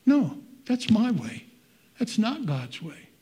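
A man's voice: sits high, sing-song, slow pace, warm tone, slightly rough. An older man preaching a sermon in an earnest, conversational way with folksy asides.

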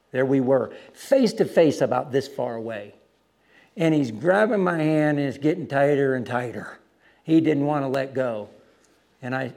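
A man preaching in a story-driven sermon, his voice sitting a little high for a man. He moves from hushed, reflective lines to loud, animated retellings of street encounters. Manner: animated storytelling, acting out other voices loudly.

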